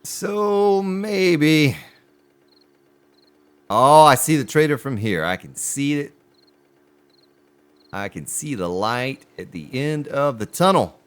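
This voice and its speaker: Male game streamer, casual chatty play-by-play, lively pitch. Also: slow pace, pauses often, smooth. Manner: chatty, talks to chat viewers as he plays; animated, pitch jumps on exclamations. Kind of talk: live gameplay commentary.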